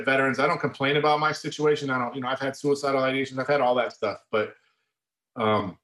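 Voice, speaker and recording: A medium-pitched, slightly bright voice belongs to a middle-aged army veteran sharing his story in a casual interview. He's blunt and conversational, with "man" and the odd curse slipping in, and the recording has a roomy echo.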